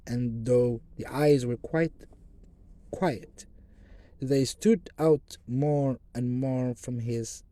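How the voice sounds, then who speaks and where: Man, audiobook narrator, first-person reading, measured, occasional restarts, dark mellow tone, dry close sound. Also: medium pitch, no room sound.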